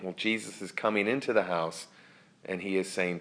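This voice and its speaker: A man with a very low voice delivers a sermon. He sounds earnest and reflective. At times he drops to a soft, hushed near-whisper. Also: fairly even intonation, moderate pace. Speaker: pastor.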